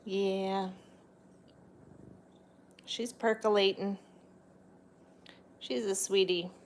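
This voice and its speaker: A woman's voice: fairly even intonation, extremely slow. Middle-aged woman, casual vlogger at home, chatty, with faint background noise. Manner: chatty, talks to her pets in a high sing-song voice. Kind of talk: casual livestream chat. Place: home, indoors.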